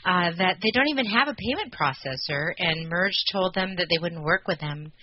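A woman's voice: on the low side, animated, normal speed. A woman co-host asking a brief question in casual chat. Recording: dull lo-fi sound.

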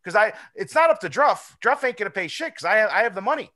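A man hosting a casual podcast chat, talking in an animated, rambling way and swearing often. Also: high voice, quick pace. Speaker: podcast host.

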